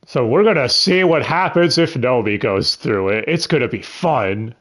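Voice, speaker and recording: A man's voice: medium pitch, expressive, normal speed, fairly bright tone. A man casually commentating a game stream, chatty and enthusiastic with some swearing. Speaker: let's-play host.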